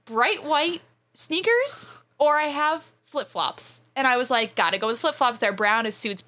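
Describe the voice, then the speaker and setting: A young woman telling a story in a casual chat, with animated delivery and many "like" fillers. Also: high voice. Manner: animated, fast, frequent "like" fillers, laughing as she tells it.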